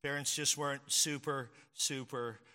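A man's voice: mid-range voice, fairly even intonation, measured pace, pushed and bright. A man preaching a sermon as pastor, chatty and storytelling, who acts out quoted people along the way. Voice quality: conversational, storytelling with acted quotes. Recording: long hall reverb.

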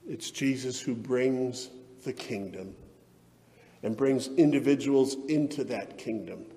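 A man's voice: medium pitch, slow pace, warm tone, long reverb tail. A man pastor preaching a sermon in an earnest, emphatic way that rises into fervent passages.

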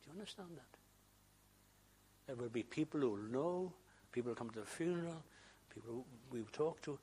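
A man preaching an emotional sermon who swings from raised emphasis to hushed whispers. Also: a little high, lively intonation, moderate pace, slight background noise.

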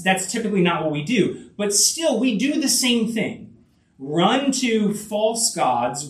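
A man preaches a sermon with a high, animated voice that rises and falls widely. He leans on repetition and emphasis, often restarting phrases with fillers. The sound is roomy and caught from some distance away. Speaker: pastor.

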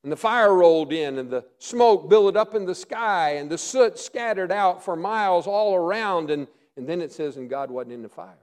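A middle-aged male pastor preaching a sermon, earnest, often dropping to a hush for emphasis. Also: high voice, lively intonation, moderate pace, few pauses, smooth.

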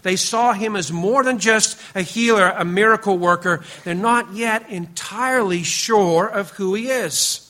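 A man delivers a sermon in a high, ringing voice. He is earnest and emphatic, often drops into a hushed, lower tone, and speaks to his listeners directly, even calling them out by name. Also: measured pace, hardly any pauses. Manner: earnest, emphatic preaching with frequent drops to a quiet, low voice; speaks directly to the congregation, teasing members by name. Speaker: pastor.

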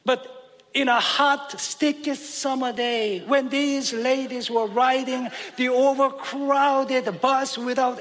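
High-voiced man preaching in a reverberant church. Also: fairly bright tone, slight background noise. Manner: humorous, emphatic, chuckles at own jokes. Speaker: pastor. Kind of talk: sermon. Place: church sanctuary.

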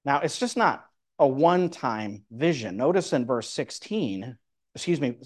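A man's voice: mid-range voice, animated, unhurried. A man preaching, explaining a Bible passage verse by verse and reading scripture aloud. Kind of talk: Bible teaching sermon.

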